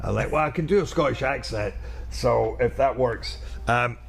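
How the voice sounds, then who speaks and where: A man's voice: mid-range voice, moderate pace, creaky. A middle-aged man in a casual interview, talking animatedly and restlessly about his work as an actor. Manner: animated, restless, jumps into playful quoted voices.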